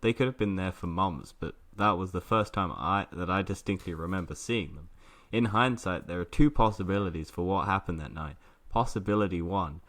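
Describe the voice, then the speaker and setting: A man's voice: low-pitched, a bit bright. A man co-hosting a casual podcast, reading a spooky story aloud and joking with his co-host. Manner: jokey, laughs often.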